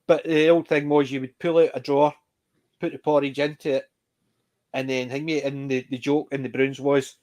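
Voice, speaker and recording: A man's voice: medium pitch, level tone, moderate pace, darkish tone. A middle-aged Scottish man hosting a casual panel chat, rambling through stories with frequent restarts. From Scotland. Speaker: panel host.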